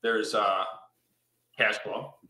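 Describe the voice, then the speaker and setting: An enthusiastic real estate investor from Michigan, a man in his fifties, tells stories in casual conversation, checking in with a repeated "right?" as he explains. His fairly low voice is bright and forceful, with a steady tone and drawn-out words, and the room echo is noticeable.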